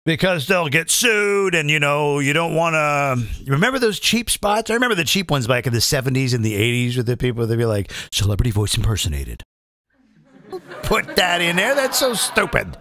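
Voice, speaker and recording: A middle-aged man hosting his own show as a comedian and impressionist, talking in a chatty, self-mocking ramble full of quick asides. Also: a little high, very animated, pushed and bright, no echo, studio quality. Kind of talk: casual rambling monologue.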